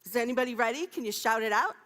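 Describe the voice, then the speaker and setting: Racing along in a fairly high, somewhat bright voice, a woman minister in her fifties gives a playful sermon, laughing frequently and bantering with the congregation. The church sanctuary adds long hall reverb.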